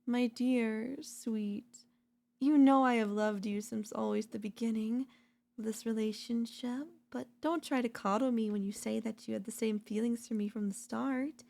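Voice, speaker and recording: A woman voicing a possessive, doting yandere girlfriend in a whispered role-play, talking softly and slowly at a close mic. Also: on the high side, steady tone, vocal fry. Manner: soft, possessive, doting, slow and lingering. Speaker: voice actor.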